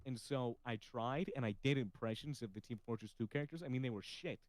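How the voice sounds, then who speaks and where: A man's voice: medium pitch, a little fast, no echo, low-quality recording. Man, podcast host, slightly nasal, casual chat, dry sound. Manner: chatty, swears casually, laughs often.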